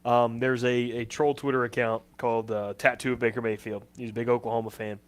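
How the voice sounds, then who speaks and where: A man's voice: mid-range voice, little pitch movement, fairly quick. Easygoing man telling sports stories. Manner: easygoing storyteller. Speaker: co-host. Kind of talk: casual sports chat.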